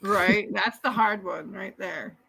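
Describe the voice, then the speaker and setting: A woman hosting a casual podcast interview, chatting in an easygoing way. She speaks slowly, with a gravelly, husky voice. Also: mid-range voice, pushed and bright, poor audio. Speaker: podcast host.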